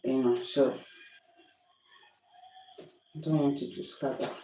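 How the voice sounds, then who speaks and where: A woman's voice: rumbling low, steady tone, takes it slowly, warm tone, echoey room, distant mic, slight background noise, low-quality recording. A Nigerian woman chatting on a livestream while cooking at home, exasperated and apologetic. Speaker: livestream host. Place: home kitchen.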